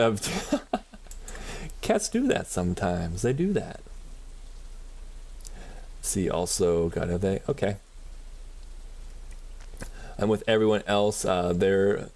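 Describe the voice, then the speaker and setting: A man's voice: lowish voice, expressive, slow pace, creaky, long pauses, a little mellow. A man streaming a game, chatting casually and rambling with frequent laughs. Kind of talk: casual chat while gaming.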